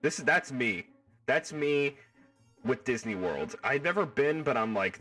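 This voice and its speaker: Stuffed-up, excitable male streamer. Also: mid-range voice, unhurried, distant mic, soft background music. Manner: excitable, rambling, riffs and repeats himself. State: stuffed up and hoarse. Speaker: livestream host. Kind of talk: casual chat with live viewers.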